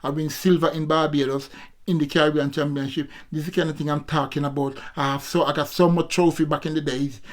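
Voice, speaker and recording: A Jamaican man around sixty, once an amateur boxer, talks fast in a fairly high voice with fairly even intonation. In his casual vlog monologue he's preachy and repetitive, constantly addressing his viewers as people.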